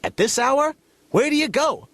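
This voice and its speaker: A man voicing his own suspicious, complaining older father from New York, in a high, exasperated, whiny voice. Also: big pitch swings, moderate pace, fairly bright tone, no echo, exaggerated voice.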